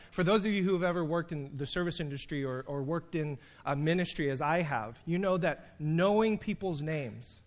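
A man preaching a sermon in a fairly high voice. He tells stories with humor, shifting between slow emphatic phrases and quick asides. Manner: animated storytelling with humor and emphatic pauses. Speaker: preacher and teacher.

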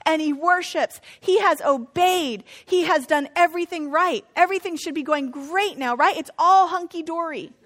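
A woman's voice: extremely high pitch, normal speed, few pauses, a bit bright. A middle-aged woman pastor giving a conversational sermon, now and then acting out what biblical figures might say. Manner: conversational preaching, acts out voices of biblical figures.

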